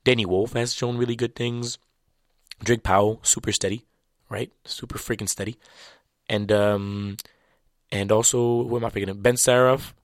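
A man's voice: on the low side, fairly even intonation, normal speed, pauses often, no room sound, studio quality. A man whose first language is French, chatting casually about basketball in a loose, slangy way full of restarts. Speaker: basketball commentator. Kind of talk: casual sports talk.

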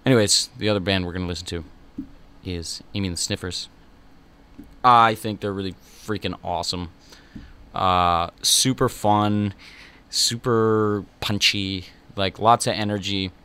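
A man's voice: sits low, steady tone, a little slow, sharp tone, clear, resonant tone. A young man hosting a college radio show, chatting in a rambling, self-mocking way between songs. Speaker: radio host. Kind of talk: casual radio talk.

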